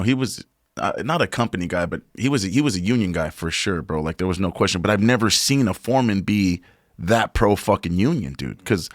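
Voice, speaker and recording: Profane storytelling man, low and dry. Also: no echo. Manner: profane, animated, says "bro" often. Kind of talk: casual storytelling.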